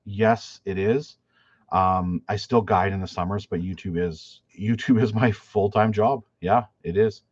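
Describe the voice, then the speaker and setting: This low-voiced man is chatty and rambling, with a steady tone, an unhurried pace and a slightly rough edge. A fishing guide and YouTuber, he reads viewer questions on a casual live stream, restarting constantly and saying "like" a lot. The recording is dull, lo-fi and dry, with no room sound.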